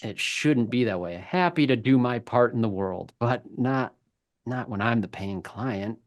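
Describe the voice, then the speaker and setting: A man's voice: mid-range voice, animated, measured pace, highs cut off. A man hosting a webinar in casual conversation, telling stories and laughing often. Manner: chatty storyteller, laughs often. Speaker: webinar host.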